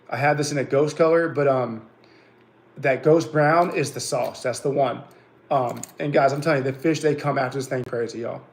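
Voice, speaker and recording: Male fishing host, gravelly, chatty how-to livestream, echoey room. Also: on the high side, a little mellow. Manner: folksy, chatty, says "guys" and "y'all" often. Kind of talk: casual fishing tips livestream.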